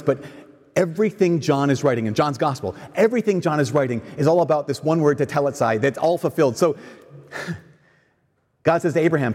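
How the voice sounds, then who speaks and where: A man preaching a sermon, asking the crowd questions and answering them himself in an animated way. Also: on the high side, breathy edge. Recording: long hall reverb.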